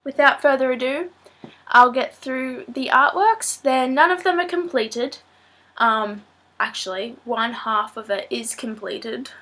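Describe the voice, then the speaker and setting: A woman's voice: fairly high pitch, pushed and bright. A girl in her late teens vlogging casually to camera, a little nasal from a blocked nose and sore throat, chatty and rambling with plenty of ums. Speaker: student vlogger. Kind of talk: casual vlog talk to camera.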